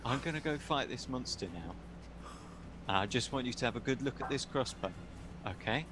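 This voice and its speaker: A man's voice: medium pitch, expressive, normal speed, noisy background. A man playing a tabletop game, talking casually and making threats in character. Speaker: player.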